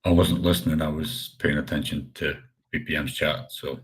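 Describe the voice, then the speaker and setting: A man's voice: extremely low pitch, flat delivery, moderate pace, slightly rough. A man in a voice chat, talking in a dry, teasing, casual way. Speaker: voice chat participant.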